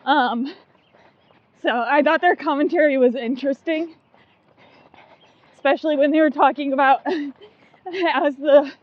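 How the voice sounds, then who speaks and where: A woman's voice: high voice, fairly even intonation, unhurried, pauses often, muffled recording. A woman co-hosting a casual running podcast, chatty and giggly, full of likes and ums. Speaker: podcast co-host. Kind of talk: casual chat.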